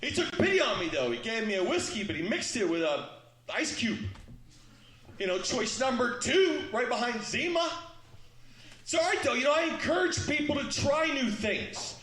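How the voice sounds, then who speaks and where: A stand-up comedian runs through his set with loud, punchy, very animated delivery at a normal speed, acting out little exchanges. His very high voice is bright and forceful, and the room rings with echo over slight background noise.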